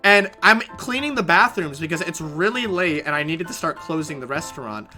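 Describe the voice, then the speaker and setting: A man chats through a story on a live stream, his pitch swinging widely as he swears and backtracks. His voice is bright and forward. Soft game music plays underneath. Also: moderate pace. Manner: animated, swears freely, restarts mid-sentence. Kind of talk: casual storytelling while gaming.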